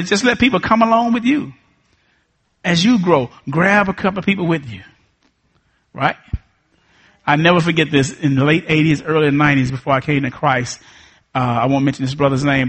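A man's voice: a little high, a bit bright, husky. A man, a pastor preaching a sermon with emphatic, repetitive lines and call and response.

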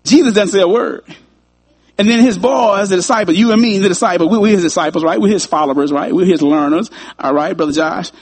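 A man's voice: sits high, brisk, slightly rough. A man preaching a sermon in a conversational way, chuckling often and repeating his phrases.

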